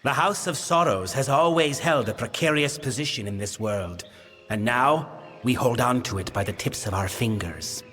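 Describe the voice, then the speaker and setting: This is video game dialogue: an actor plays a weary ancient king of the winter fae, delivering lines in a grave, formal, commanding manner. His mid-range voice is a bit bright and close to everyday speech, at normal speed. Game music plays under a long reverb.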